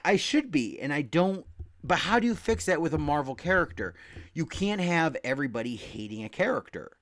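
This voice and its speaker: A young man talking casually about comics, rambling, swearing freely and loudly acting out quotes. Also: fairly high pitch. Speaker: comic book podcast host. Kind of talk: casual comic review rant.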